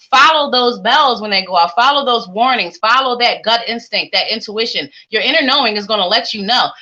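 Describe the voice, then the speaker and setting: A young woman gives psychic tarot readings to viewers on a live stream. Her voice is bright and a touch high, and her delivery is sing-songy and chatty. The stream audio sounds dull and lo-fi. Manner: warm chatty, sing-songy, playful asides.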